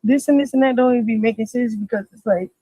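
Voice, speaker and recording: A woman's voice: on the high side, fast, dark tone, no room sound, rough recording. A woman talking casually on a livestream, rambling and emphatic, often repeating herself. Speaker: interviewee in a played clip.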